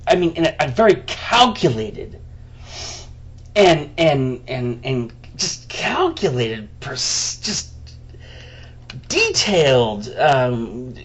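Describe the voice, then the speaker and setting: A man's voice: medium pitch, huge pitch swings, takes it slowly. A man venting to the camera in a heated, profane rant. He often restarts his sentences, and he talks to himself by name. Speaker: vlogger.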